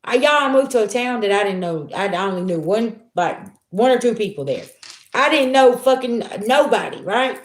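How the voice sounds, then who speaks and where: A woman's voice: a little high, animated, moderate pace, roomy sound. A middle-aged woman talking candidly and from the heart to her livestream viewers as a tarot reader, streetwise and swearing freely. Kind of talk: casual live-stream talk to viewers.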